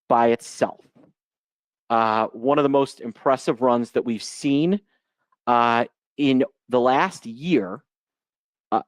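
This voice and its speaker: Speaking as a guest presenter in a live webinar, this options trader from Chicago, a man in his forties, keeps things chatty, joking and unscripted through a video call mic. The recording is dry, and his voice falls in the mid-range.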